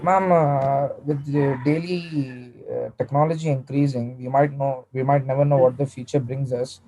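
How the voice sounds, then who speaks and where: A man's voice: mid-range voice, fairly even intonation, normal speed, mellow, poor audio. A young man with an Indian English accent, politely asking his teacher a question with hesitant fillers. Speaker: student.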